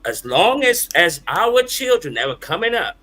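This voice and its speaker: A man's voice: sits high, very animated, moderate pace, pushed and bright. A man in casual livestream chat, earnest, repeating himself with stumbling starts.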